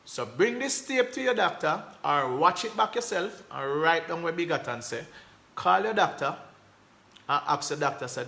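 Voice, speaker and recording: A man with a thick Jamaican accent talks straight to his viewers, repeating and stressing his points in a casual, animated way. His voice sits a little high and rings bright and forceful. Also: moderate pace, gravelly. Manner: animated, repetitive, emphatic, Jamaican patois phrasing. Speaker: host. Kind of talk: casual live-stream talk reading comments.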